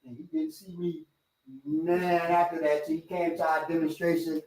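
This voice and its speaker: A middle-aged man, a martial arts instructor and host, telling stories in casual chat and acting out other people's lines loudly. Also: fairly high pitch, normal speed. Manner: animated, acts out quoted voices loudly. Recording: roomy sound from a distant mic.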